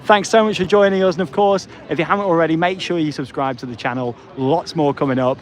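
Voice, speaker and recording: A man hosting a live theme park stream outdoors, excited and emotional. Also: fairly high pitch, quick pace. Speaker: theme park livestream host.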